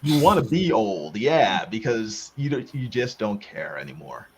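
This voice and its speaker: A man's voice: on the low side, very animated, unhurried, husky. A man chats casually over a call, riffing on a joke and repeating his words as he goes. His talk is loose and he laughs along often. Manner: joking, repeats himself, trails off. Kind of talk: casual chat.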